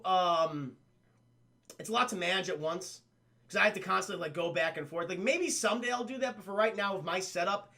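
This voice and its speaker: A young man giving a casual, profane review of a cartoon episode, talking excitedly to his stream chat. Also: sits high.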